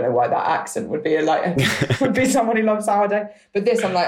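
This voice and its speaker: A woman guest on a podcast, chatting casually in an animated, rambling way and swearing now and then. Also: mid-range voice, brisk, echoey room. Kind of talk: casual comedic chat.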